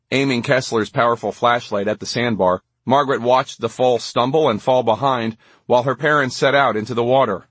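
Male narrator, measured delivery, husky voice, dry recording. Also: medium pitch, a bit bright, dry recording. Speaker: audiobook narrator. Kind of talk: scripted narration.

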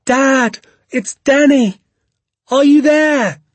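Man doing a frightened young boy, high and pleading. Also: animated, fairly quick, breathy edge, no room sound. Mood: desperate. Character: frightened young boy calling for his father.

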